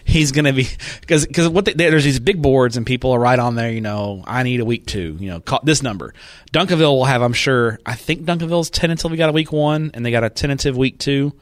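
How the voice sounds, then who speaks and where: This man has a mid-pitched voice and a jokey way of talking, tossing out quick asides while co-hosting a sports chat. The recording is close and dry. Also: no echo. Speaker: podcast co-host.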